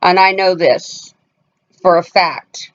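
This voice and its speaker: A woman's voice: fairly low pitch, slow. A woman tells a personal story straight to her viewers, casual and emphatic. She hammers her points home and slips into other people's voices as she quotes them. The sound is somewhat dull and lo-fi. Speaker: family vlogger.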